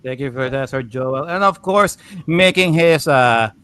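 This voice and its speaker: A man hosting a casual gaming livestream, introducing the panel in a relaxed way with lots of fillers and small laughs. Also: mid-range voice, measured pace, clean tone. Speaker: podcast host.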